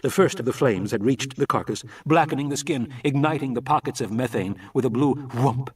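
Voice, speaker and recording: A man's voice: mid-range voice, brisk, slightly rough, distant mic. A man reading a novel aloud as a live audiobook, narrating steadily. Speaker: audiobook reader.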